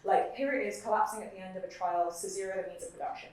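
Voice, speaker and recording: A young woman poet giving a live reading, moving between measured recitation and chatty asides between poems. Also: medium pitch, fairly even intonation, darkish tone, a little hiss or hum. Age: young adult. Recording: very echoey room, mic far off.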